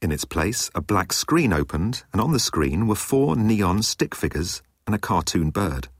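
A man narrating an audiobook in an expressive reading style. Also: on the low side, moderate pace, breathy edge, no echo, studio quality. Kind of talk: scripted narration.

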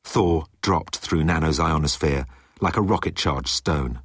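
A man reading a story aloud as narrator, in a lively storytelling way. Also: a bass voice, unhurried, husky, dry recording, clean studio sound. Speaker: audiobook narrator. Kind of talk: scripted narration.

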